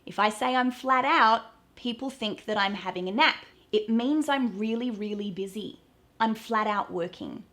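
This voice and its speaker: A woman's voice: fairly high pitch, moderate pace, fairly bright tone. Australian woman coaching slang, cheerful and playful. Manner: cheerful, playful, acts out example phrases. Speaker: accent coach. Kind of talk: explaining slang to camera.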